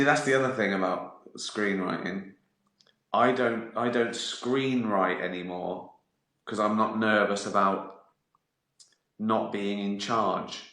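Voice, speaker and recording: A man's voice: lowish voice, sharp tone. Rambling self-mocking man, roomy echo. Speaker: comedian chatting live to viewers. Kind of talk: casual livestream chat. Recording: roomy echoey room.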